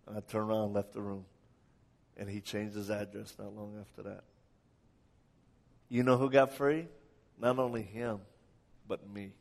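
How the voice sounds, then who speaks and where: A man's voice: on the low side, flat delivery, moderate pace, creaky, pauses often, darkish tone. A man preaching a sermon, telling personal stories dramatically and pressing his listeners with emphatic questions. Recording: long hall reverb.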